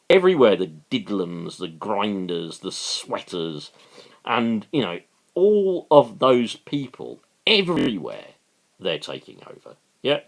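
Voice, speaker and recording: A man rants passionately about politics, sarcastic and repeating himself for emphasis. His voice swings wildly from low mutters to high outbursts. He talks slowly and deliberately. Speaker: political commentator. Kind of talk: solo political rant.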